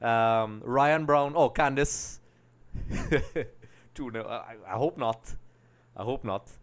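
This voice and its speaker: Man, stream host; smooth, mid-pitched, casual chat with excited play-by-play bursts. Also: takes it slowly. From Trinidad and Tobago. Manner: chatty, reads comments aloud, bursts into excited play-by-play. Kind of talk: live watch-along commentary.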